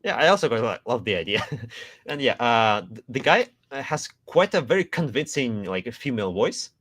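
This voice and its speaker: A man's voice: mid-range voice, big pitch swings, normal speed, fairly bright tone, no room sound. Guy co-hosting a chill stream, rambly, lots of uhs, super dry mic. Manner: rambling, many fillers and restarts. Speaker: co-host, marketing officer. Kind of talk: casual livestream chat.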